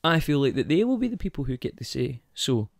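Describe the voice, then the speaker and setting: A man's voice: medium pitch, big pitch swings, fairly quick, vocal fry, no echo. Rambling male podcast host, dry sound. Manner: rambling, goes off on tangents, asks rhetorical questions. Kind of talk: casual monologue.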